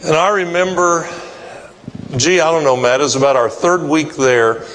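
A man's voice: fairly high pitch, normal speed, fairly bright tone, in a large hall, a little hiss or hum, low-quality recording. A male pastor preaching a sermon, telling a personal story in a folksy way and acting out the people in it. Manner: folksy, acts out quoted voices. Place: church sanctuary.

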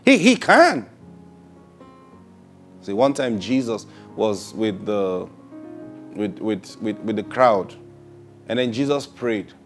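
A man's voice: fairly low pitch, big pitch swings, faint music behind. A man preaching a sermon, drawing out key words and repeating himself as he builds each point. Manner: drawn-out emphatic phrasing with repetitions.

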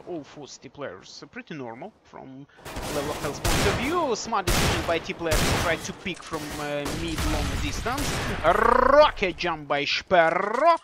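A man giving live play-by-play commentary on a competitive shooter match. He is excitable and joking, repeats his phrases, and breaks into shouts at big plays. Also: fairly high pitch, normal speed, very noisy. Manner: repeats phrases, fillers, non-native English phrasing. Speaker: esports commentator.

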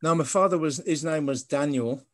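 A man from Birmingham speaking as a guest on a video call, telling his family story in a measured, halting way with frequent ums. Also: fairly high pitch, no room sound, clean studio sound. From Birmingham, England. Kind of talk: telling family history in conversation.

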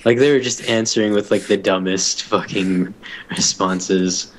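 A man's voice: low-pitched, fairly even intonation, measured pace, slight background noise. A young man co-hosting a casual podcast, rambling with lots of hesitations and casual swearing. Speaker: podcast co-host. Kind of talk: casual chat.

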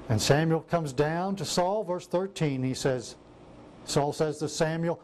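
A man's voice: on the high side, takes it slowly, pauses often, slight background noise. A man preaching a sermon who acts out scripture scenes in different voices. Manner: animated, acts out biblical quotes in varied voices.

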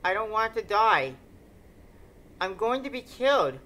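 A man voicing a terrified young victim's last note, read quietly with dread. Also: high voice, big pitch swings, a little slow, full character voice. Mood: frightened.

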